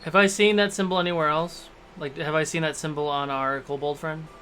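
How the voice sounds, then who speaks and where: A player at a live tabletop game, teasing and lively in banter. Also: mid-range voice, fairly quick, a little hiss or hum.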